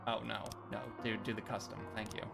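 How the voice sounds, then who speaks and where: A man's voice: lowish voice, level tone, a little fast, creaky, loud music behind the voice. A man casually commenting as he plays a game, chatty and muttering through menu settings. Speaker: let's play gamer.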